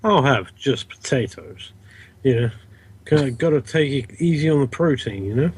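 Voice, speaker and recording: A man at a tabletop game session talks with wry, teasing humor. His voice sits at a middle pitch. Faint noise hums behind him. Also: lively intonation, normal speed. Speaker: player. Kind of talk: casual game chat.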